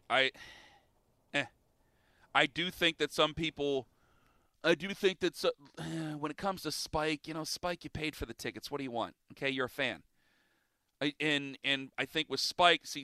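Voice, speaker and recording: Man, sports radio host, emphatic and argumentative, smooth crisp voice, bright tone. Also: medium pitch, no room sound. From Cleveland area. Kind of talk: sports talk radio opinion.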